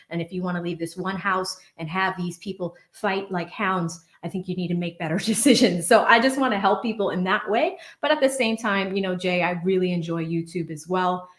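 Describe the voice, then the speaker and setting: A woman's voice: fairly low pitch, fairly even intonation, brisk, hardly any pauses, reverberant. A woman in her thirties from Boston, hosting a livestream of legal commentary and reading out viewer messages in a chatty way. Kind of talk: livestream commentary and chat shout-outs.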